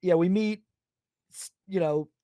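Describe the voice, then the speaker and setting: Brief: male podcast host, higher register, dry close sound, lively and jokey, quotes characters in put-on voices. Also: measured pace, no echo. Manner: animated, acts out characters in silly quoted voices. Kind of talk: casual film podcast chat.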